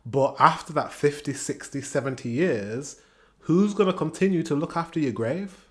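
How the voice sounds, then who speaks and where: A man's voice: fairly high pitch, lively intonation, normal speed, a bit bright. A man hosting a reaction video, talking casually, laughing often and repeating rhetorical questions. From United Kingdom.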